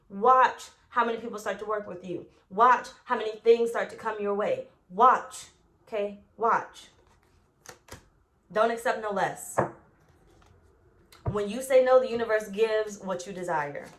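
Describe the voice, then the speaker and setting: A woman's voice: mid-range voice, unhurried, long pauses, fairly bright tone. A woman giving a tarot reading, blunt and profane, who drives her points home by repeating them. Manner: acts out quoted voices. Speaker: tarot reader.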